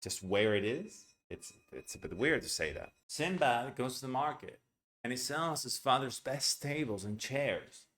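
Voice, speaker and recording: Man in his own voice teaching English online, casual and blunt, tags lines with "right?", ordinary middle pitch. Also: expressive, a little slow, fairly bright tone. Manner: chatty, with frequent "right?" and "okay?"; blunt, opinionated asides. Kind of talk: online lesson, explaining a reading text.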